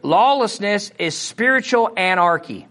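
A middle-aged man with a Missouri accent teaches a Bible lesson to a small group. His voice sits a little high for a man. He keeps it conversational and keeps checking in with his listeners. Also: expressive, measured pace, sharp tone. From Missouri, USA. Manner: conversational, asks the audience questions. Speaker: preacher.

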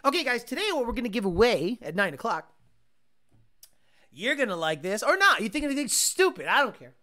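A woman's voice: on the high side, big pitch swings, fairly quick, bright, forceful tone. A woman hosting a casual livestream, reading comments and answering bluntly, with profanity and Spanish slang mixed in. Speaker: streamer and car enthusiast host.

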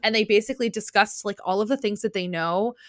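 A young woman with a New Jersey accent co-hosts a podcast, chatting loosely with plenty of "like" fillers and the odd swear word. Her voice sits at an ordinary middle pitch and sounds dry and close to the mic. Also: quick pace, dry recording. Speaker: podcast co-host. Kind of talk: casual chat.

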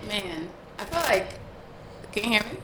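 A woman's voice: medium pitch, very animated, normal speed, a bit bright, a little hiss or hum, rough recording. A woman co-hosting a casual podcast chat, chatty and agreeable, often chiming in. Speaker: podcast co-host.

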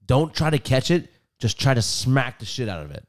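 Lively joking man in casual chat. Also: medium pitch, normal speed. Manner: joking, profane storytelling. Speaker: podcast co-host.

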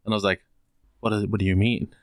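A man's voice: lowish voice, level tone, quick pace, dry recording, studio quality. Sweary man telling a story. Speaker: podcast co-host. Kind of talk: casual chat.

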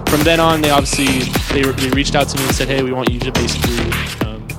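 A man's voice: mid-range voice, fast talker, over loud music. A man as a guest in a casual interview, talking in a loose, rambling way with many fillers. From California. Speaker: guest, a glover.

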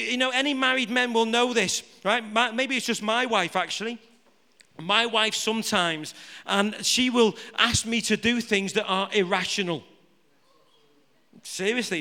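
Bright-voiced preacher, high-pitched. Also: male voice. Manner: jokey, asks the room rhetorical questions. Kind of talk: live sermon to a congregation. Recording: reverberant hall.

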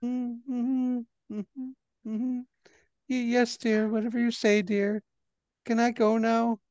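A man's voice: sits high, takes it slowly, clear, resonant tone, dry recording, dull audio, pitched above the performer's own voice. A man voicing a frightened elderly woman who stammers and pleads in a quavering voice. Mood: pleading.

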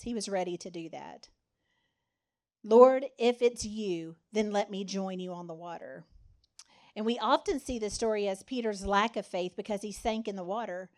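A woman's voice: medium pitch, darkish tone. A woman giving a conversational sermon, acting out the lines of the people in the story. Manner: conversational, dramatizes quotes with voices. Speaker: speaker.

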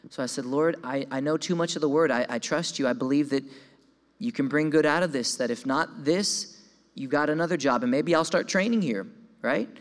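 A man's voice: a little high, brisk. A young man giving a sermon testimony, telling his story with animation and stumbling over repeated words. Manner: animated storytelling, voices his own quoted thoughts; repeats words when excited. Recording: long hall reverb.

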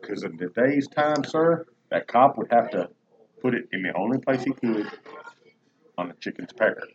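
A man's voice: medium pitch, expressive, moderate pace. A man in casual comedic chat, tossing out dry wisecracks with Southern slang. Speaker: co-host. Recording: dull lo-fi recording with faint noise.

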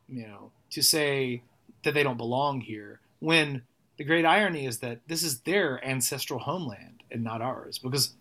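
A man, a songwriter, talking casually in an interview, animated and rambling, with frequent restarts and swearing. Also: mid-range voice. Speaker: songwriter and musician guest.

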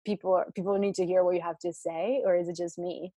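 Husky woman in rambling spiritual chat. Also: lowish voice, flat delivery, fast, warm tone, no echo. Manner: rambling, many restarts and fillers. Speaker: spiritual guest. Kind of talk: casual chat.

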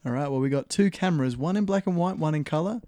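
A man's voice: fairly high pitch, fast, mellow, no room sound, studio quality. A man co-hosting a casual film review podcast, easygoing and steering the talk with questions. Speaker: podcast co-host.

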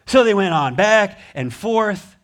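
High-voiced impassioned male pastor. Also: animated, slow, a bit bright. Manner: impassioned storytelling, rising to emphatic peaks. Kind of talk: sermon. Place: church sanctuary.

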